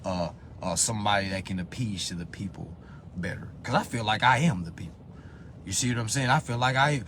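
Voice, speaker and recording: A man hosting a live phone stream in a profane rant, dropping to low muttering and then bursting into loud, high-pitched shouts. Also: slight background noise. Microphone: phone on a social live stream.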